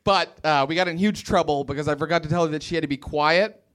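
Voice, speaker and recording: A man's voice: on the high side, quick pace, fairly bright tone, smooth. A man from West Virginia doing a rambling, self-deprecating stand-up set in a comedy club, slipping into playful put-on voices.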